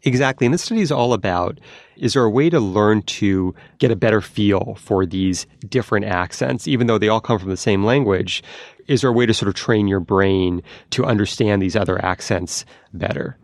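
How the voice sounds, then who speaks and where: A man reports science stories on a podcast. His low voice has a gravelly edge, and he explains things in a lively, hands-on way. The sound is dry and close, with no room around it. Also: moderate pace, no echo. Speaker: science news correspondent.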